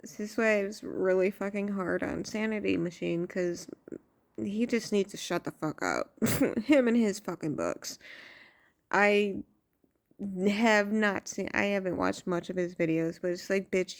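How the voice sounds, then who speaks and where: A woman tarot vlogger on a casual, profane rant, blunt and exasperated. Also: mid-range voice. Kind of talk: casual ranting monologue.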